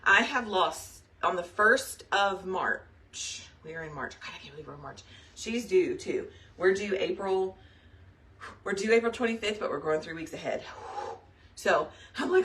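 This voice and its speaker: A young woman chats loosely to her team over a live video, drifting between thoughts and filling gaps with "um" and "y'all." She is pregnant and talks in a bright, forward voice. The mic sits a little away from her, so the sound is somewhat distant. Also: medium pitch, measured pace. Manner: chatty and rambling, says y'all, frequent fillers. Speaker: direct sales team leader.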